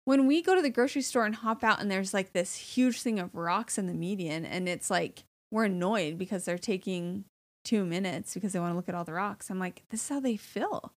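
A woman's voice: mid-range voice, brisk. A woman in her thirties co-hosting a parenting podcast, talking casually with lots of fillers and laughs. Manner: chatty, filler-heavy, laughs often. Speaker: podcast co-host. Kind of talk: casual chat.

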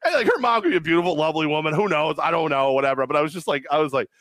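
A man in his forties co-hosting a sports talk show, telling stories casually and mimicking others in high squeaky voices. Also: racing, dry recording, studio quality. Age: 40s. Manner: animated storytelling, acts out high-pitched quoted voices. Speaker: radio show co-host.

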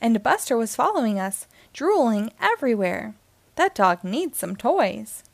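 A woman's voice: fairly high pitch, big pitch swings, measured pace, vocal fry, no echo, heavily acted. Storybook piggy bank toy, male, cheerful and boastful, put on by a woman reader. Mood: cheery. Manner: boastful and chatty.

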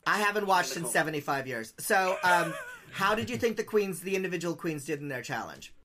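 A man's voice: sits high, very animated, a crowd in the background. Wry male co-host asking questions. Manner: quick, wry, asks pointed questions. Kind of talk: casual chat.

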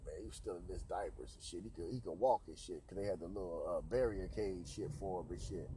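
A man's voice: mid-range voice, pushed and bright, slight background noise. A man hosting a podcast, telling a crude anecdote in a profane, slangy way with lots of repeated filler tags. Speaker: podcast host.

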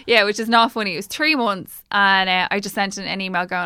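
Bright, chatty woman. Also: medium pitch, fairly even intonation, clean tone, dry recording. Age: 40s. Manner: chatty, frank, quick asides and restarts. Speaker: podcast co-host. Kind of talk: casual podcast chat.

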